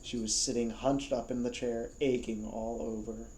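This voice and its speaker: A man reading a novel aloud as a storyteller, calm and even. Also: medium pitch, normal speed, reverberant, slight background noise, low-quality recording. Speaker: storybook reader.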